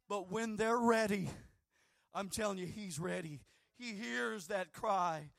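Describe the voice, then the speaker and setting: A man preaching a sermon with fervor, swinging between shouting and hushed tones. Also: high voice, slow pace, gravelly, no echo, studio quality.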